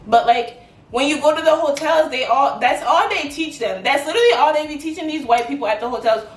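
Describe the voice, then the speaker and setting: A young adult woman chatting to camera in a casual vlog, animated and quick with "like" fillers. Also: high-pitched. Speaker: vlogger. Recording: echoey room, mic at a distance.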